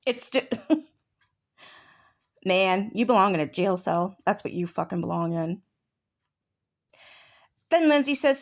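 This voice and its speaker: A woman's voice: medium pitch, animated, moderate pace, long pauses. Furious woman reading messages aloud. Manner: furious, profane, confrontational. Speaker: true-crime commentary channel host.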